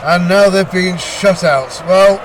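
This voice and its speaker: A man casually commentating a video game battle, talking haltingly with frequent pauses and restarts and a lightly amused tone. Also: sits high, noisy background. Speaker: gameplay commentator.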